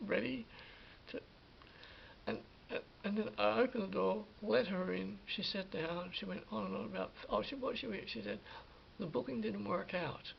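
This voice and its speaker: A man casually recounting a story for a vlog, animated, restarting his sentences and acting out what people said. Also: high-pitched, vocal fry. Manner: animated retelling with acted-out quotes and many restarts. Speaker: vlogger. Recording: dull lo-fi sound with faint hiss.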